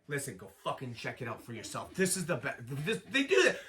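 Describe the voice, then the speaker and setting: A man performs a raw, profane stand-up set on a small homemade stage. His voice leaps around in pitch with lively swings, and his tone is bright and forceful. He talks loud and animated, sitting a bit high for a man. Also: fairly quick, hardly any pauses, distant mic. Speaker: stand-up comic. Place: small self-built home stage.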